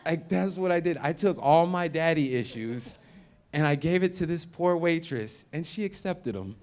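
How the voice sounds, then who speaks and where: A man in his thirties doing a stand-up comedy set. He tells stories and acts out the other people in them, swinging between loud and soft. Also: on the high side, animated, moderate pace. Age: 30s.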